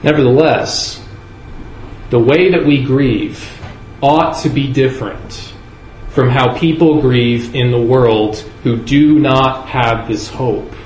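A man preaching a sermon in a church, earnest and measured, leaning on key words with slow emphasis. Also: medium pitch, darkish tone, slight background noise. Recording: echoey room with faint ambience.

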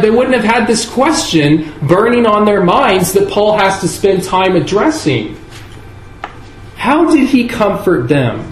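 A man preaching a sermon in a church, earnest and measured, leaning on key words with slow emphasis. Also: high voice, slight background noise. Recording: echoey room with faint ambience.

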